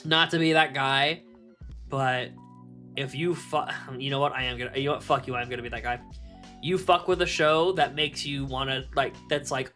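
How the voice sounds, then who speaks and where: A young man streaming live, chatting casually to his viewers, animated, laughing often and swearing freely. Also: mid-range voice, normal speed, faint music behind.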